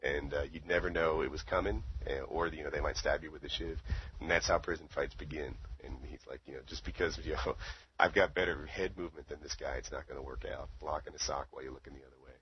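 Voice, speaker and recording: A man's voice: extremely low pitch, fairly even intonation, quick pace, a little hiss or hum. A man telling a long story in casual chat, rambling with lots of fillers. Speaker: podcast co-host. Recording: dull lo-fi audio.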